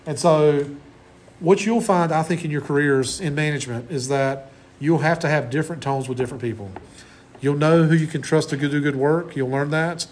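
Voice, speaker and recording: A man's voice: fairly high pitch, fairly even intonation, normal speed, a little hiss or hum. A man in his forties giving a conversational classroom lecture as college instructor, often restarting his sentences. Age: 40s.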